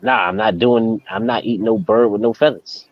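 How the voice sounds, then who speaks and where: A man's voice: on the low side, brisk, dull audio. A man co-hosting a casual, profane chat, telling stories with animation. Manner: animated storyteller, mimics voices in quotes. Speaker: podcast co-host.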